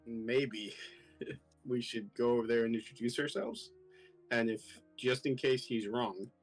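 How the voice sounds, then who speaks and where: A man's voice: mid-range voice, steady tone, a little slow, soft background music. A man as a player in a tabletop game, chatty and joking.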